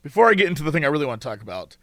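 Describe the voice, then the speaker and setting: High-pitched male co-host, rambling enthusiasm, dry close-mic sound. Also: very fast, dry recording. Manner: excitable, rambling, with frequent fillers. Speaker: podcast co-host. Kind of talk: casual chat.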